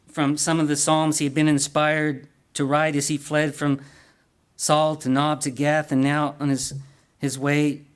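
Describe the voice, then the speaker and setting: A man's voice: on the high side, smooth. A man preaching a sermon in an earnest way, asking the congregation questions and often repeating or restarting words.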